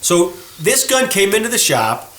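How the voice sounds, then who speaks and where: In a gun shop workroom, a gunsmith shop owner hosts his gunsmithing show, chatting casually and pointing out flaws on a gun. He's folksy and animated, addressing viewers as folks, in a high-pitched voice that runs a little slow in an echoey room.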